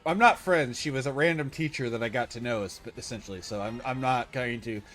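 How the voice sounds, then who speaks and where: A man's voice: mid-range voice, fairly quick, a bit bright, soft background music. A man streaming a game live, chatting casually with viewers, rambling and correcting himself as he goes. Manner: rambling, self-correcting, opinionated. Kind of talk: casual livestream chat.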